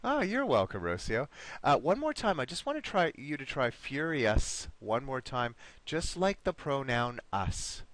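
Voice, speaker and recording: A male teacher leads an online vocabulary lesson, speaking slowly and patiently while he coaxes answers from students. His pitch moves a lot as he repeats and praises each answer. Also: very animated, fairly bright tone, no room sound.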